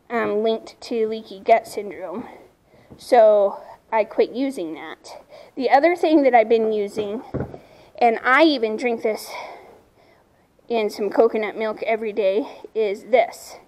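A woman's voice: a little high, a little mellow, low-quality recording. A woman casually talking to camera outdoors at her farm, chatting about her horse and now and then speaking to her animals. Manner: chatty, talks to her animals between remarks. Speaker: horse owner vlogger. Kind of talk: casual outdoor vlog talk.

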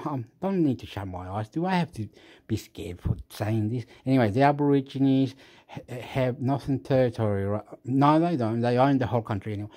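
A man's voice: gravelly, dark tone. Rambling, scattered man. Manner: scattered, jumps between topics, frequent fillers and laughs; makes sound effects like boop and boom. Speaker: host. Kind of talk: rambling casual monologue.

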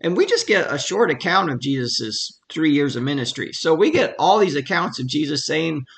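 A man's voice: fairly high pitch, lively intonation, normal speed, creaky. A man giving a casual, conversational Bible study at home, explaining a passage and reading verses aloud with emphasis.

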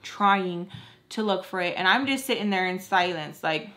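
A young woman vlogger telling a storytime while doing her makeup, animated and slangy, acting out what people said in different voices. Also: lowish voice, moderate pace.

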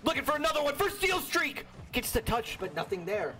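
A young man giving solo play-by-play commentary on a video game match, excitable and jokey, with a worn-out voice. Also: very high-pitched, a little fast, faint music behind. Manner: excitable, jokey, frequent exclamations. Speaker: esports caster.

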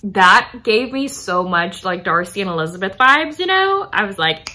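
A woman's voice: medium pitch, sing-song, moderate pace, few pauses, sharp tone. A young woman vlogger chatting enthusiastically about romance books, with lots of fillers. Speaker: book vlogger. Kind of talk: casual book talk.

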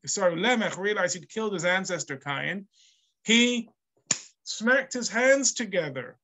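A man's voice: sits high, pushed and bright. A man teaching a text study class as a rabbi, reading Hebrew aloud and translating it line by line. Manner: reads the Hebrew aloud, then translates and explains.

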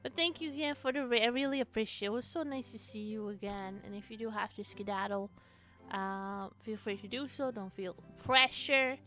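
A woman live streaming a game, chatting casually, excitable and swearing often as she greets and answers her chat. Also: fairly high pitch, brisk, soft background music.

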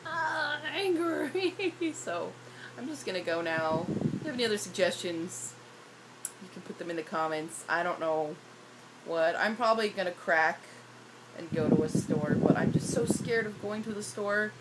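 Hoarse young woman venting into her phone. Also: lowish voice, moderate pace. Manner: frustrated, rambling, self-deprecating. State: hoarse from shouting. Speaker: YouTuber. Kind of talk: casual vlog rant. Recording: loud background noise.

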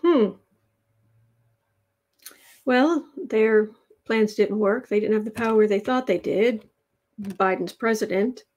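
Unhurried woman reading tarot on a livestream. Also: medium pitch. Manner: unhurried and drawn-out, drops into soft near-whispered asides. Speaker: tarot reader.

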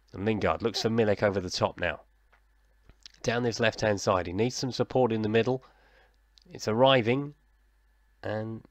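A man's voice: lowish voice, no room sound. A man, casually narrating his football management game like a commentator and chatting with himself in a self-deprecating way. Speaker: gaming YouTuber. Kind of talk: casual let's-play commentary.

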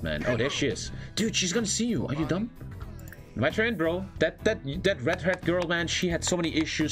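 A young man streaming a life-simulation game and giving loud, crude commentary to his chat, swinging from shouts to low mumbled asides. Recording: game music underneath.

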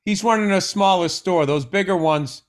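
A man's voice: high-pitched, normal speed. Wisecracking man with dry jabs. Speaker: comedian podcast co-host. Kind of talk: casual chat.

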